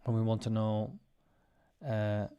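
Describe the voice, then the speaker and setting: A man's voice: fairly low pitch, level tone, slow pace, mellow, clean tone, highs cut off. A man teaching English in a casual spoken lesson. He explains patiently and repeats example phrases with strong intonation. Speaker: podcast host.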